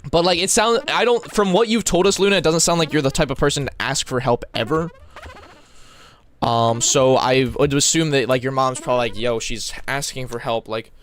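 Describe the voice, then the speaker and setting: A man's voice: medium pitch, steady tone, brisk, a little hiss or hum. A young man live-streaming in casual chat, slangy and rambling as he thanks donors and reacts to guests.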